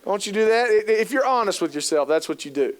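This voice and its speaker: Brief: male speaker, high pitch, lively storyteller who acts out the scenes he describes. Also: fast talker. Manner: animated, joking, acts out scenes. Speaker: keynote speaker on youth work. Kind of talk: humorous storytelling presentation.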